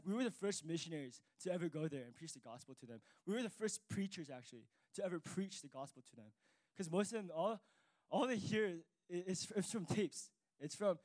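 A man's voice: fairly high pitch, a little mellow, no echo. A jet-lagged young man telling his church about a mission trip, casual, rambling and emotional. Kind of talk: spoken testimony.

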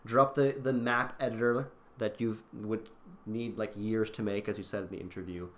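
A man co-hosting a casual gaming podcast, rambling and excitable, full of fillers and restarts. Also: lowish voice, moderate pace. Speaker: podcast co-host.

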